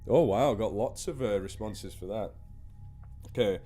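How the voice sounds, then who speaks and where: A man's voice: on the low side, unhurried, dark tone, breathy edge, faint music behind. A man with a northern English accent chatting casually to his live stream viewers, rambling and over-enunciating his words. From northern England. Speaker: live stream horror story reader.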